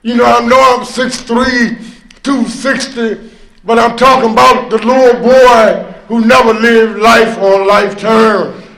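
A man with a high, bright voice shares his recovery story at a meeting, unhurried and full of fillers. He tells it like a storyteller, breaking into loud emphatic bursts and rueful laughs. The sound is roomy and echoey, as in a meeting room. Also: fairly even intonation, creaky. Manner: drawn-out, conversational, with many fillers. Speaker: speaker sharing at a recovery meeting. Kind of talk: personal recovery testimony.

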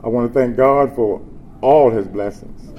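A man telling his personal story to a meeting, swinging from animated joking to low, subdued talk. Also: a little slow, highs cut off. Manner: animated and joking early, then low and subdued while telling hard times. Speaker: speaker sharing his story at a recovery meeting. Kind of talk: spoken testimony. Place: meeting room with an audience. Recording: crowd murmur and background noise.

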